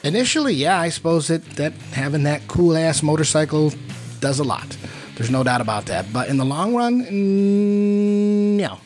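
A man's voice: on the high side, normal speed, a little mellow. A man telling a rambling, self-mocking story in a casual monologue, with many fillers. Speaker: podcast host. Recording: faint guitar music behind.

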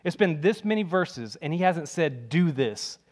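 A man's voice: on the high side, animated, normal speed. A man preaching a sermon in an emphatic, conversational way, repeating key phrases.

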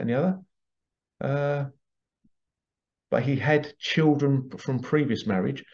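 A man with a gravelly edge to his mid-range voice tells workshop stories in a chatty, animated way, often breaking into laughter. The sound is dull and lo-fi. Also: medium pitch. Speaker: past life regression workshop leader. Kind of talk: casual storytelling promo. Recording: dull lo-fi recording.

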